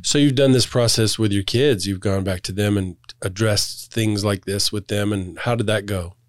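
A man with a fairly low voice hosts a podcast. He reflects back what his guest has said and asks probing questions in a calm way. The recording is dry and close-miked. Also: normal speed, no echo. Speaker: podcast host. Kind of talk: interview questions.

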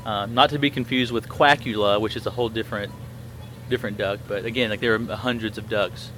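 A man's voice: fairly low pitch, fairly even intonation, brisk, fairly bright tone, slight background noise. A man in his thirties hosting a podcast, telling a story in a rambling way with many fillers and restarts. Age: 30s. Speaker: podcast host. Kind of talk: casual chat.

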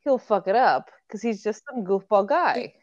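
A woman's voice: mid-range voice, expressive, moderate pace, no room sound, dull audio. A woman casually recapping a story in conversation, slangy and laid-back. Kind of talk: casual chat retelling a story.

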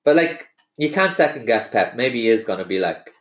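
A man's voice: medium pitch, very animated, a little fast. Give me a man hosting a football chat show, recorded in a roomy space. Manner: steers the talk, reads out listener questions. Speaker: podcast host. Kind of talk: casual sports podcast chat. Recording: roomy echo.

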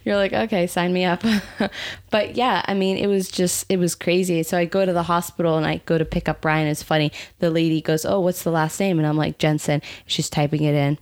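A young woman casually telling a personal story with her husband, animated, laughing often and full of fillers. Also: fairly low pitch, fairly quick. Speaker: co-host.

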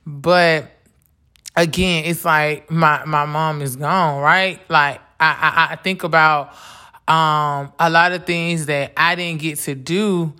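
Bright-voiced woman sharing her grief. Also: sits low, steady tone, slow, clear, resonant tone. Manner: casual, repeats "like" often, earnest. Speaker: podcast host. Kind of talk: heartfelt personal talk on grief and faith.

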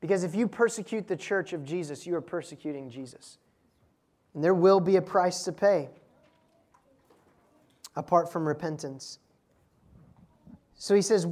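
A woman's voice: fairly low pitch, unhurried, pauses often, a little mellow. A woman preaching a sermon, asking rhetorical questions, stressing key words and adding laughing asides to the congregation. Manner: dynamic preaching with rhetorical questions and strong emphasis.

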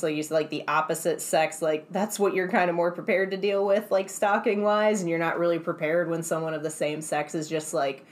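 A young woman co-hosting a casual movie-review podcast, animated and quick to laugh, with lots of filler words. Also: fairly low pitch. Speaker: podcast co-host.

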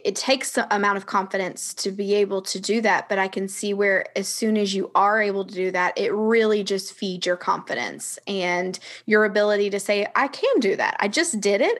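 A woman hosting an interview, responding appreciatively and asking her guest questions. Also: medium pitch. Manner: warmly encouraging, appreciative. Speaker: podcast host. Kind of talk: conversational interview.

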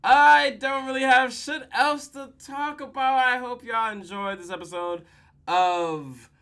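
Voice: medium pitch, unhurried, clear, resonant tone. A podcast host, casually and profanely recapping a TV episode with lots of laughter, tired late at night. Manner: profane, laughing, animated retelling.

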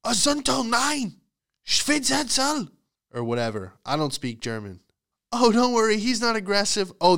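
A man in the middle of a comic rant, exasperated and profane, with his voice rising as he gets worked up. His tone is smooth and clear at an average pitch, and he hosts a podcast. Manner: profane, exasperated, animated ranting. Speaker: podcast host. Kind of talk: comedic storytelling monologue.

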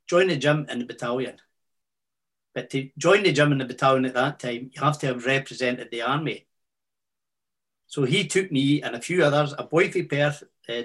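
A man in his sixties with a Fife Scottish accent, telling army boxing stories as a guest in a casual interview, with halting restarts and broad Scots words. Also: mid-range voice, fairly bright tone, breathy edge. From Scotland.

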